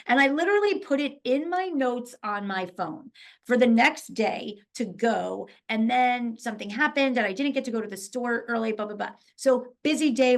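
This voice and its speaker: Animated woman telling a story. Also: fairly high pitch. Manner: animated storyteller, laughs often. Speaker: poker pro guest. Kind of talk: casual podcast interview.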